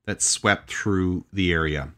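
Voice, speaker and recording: A man with a very low voice hosts a podcast, talking through a story in a relaxed, chatty way. He thinks aloud, hedges, and restarts his sentences as he goes. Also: takes it slowly. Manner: thoughtful, hedging, with many restarts. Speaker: podcast host. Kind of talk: casual storytelling chat.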